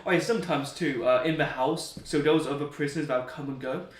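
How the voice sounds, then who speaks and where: Chatty young male guest, slightly high voice, rambling storyteller; roomy room, off-mic. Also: fast, distant mic. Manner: rambling, chatty, often laughing at his own stories. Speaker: interview guest. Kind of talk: casual storytelling.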